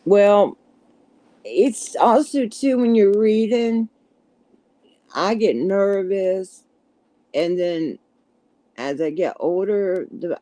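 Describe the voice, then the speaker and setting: A woman's voice: fairly low pitch, dark tone, no echo. Southern country woman, dry close sound. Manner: nervous, stumbling over words. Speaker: livestream host. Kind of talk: casual livestream chat. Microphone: phone.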